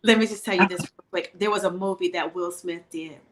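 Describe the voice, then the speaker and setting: A woman's voice: lowish voice, steady tone, brisk, a crowd in the background. A middle-aged woman who coaches spiritual wellness, talking with a caller in an earnest, consoling, preacher-like way. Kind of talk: emotional live-show chat with a caller.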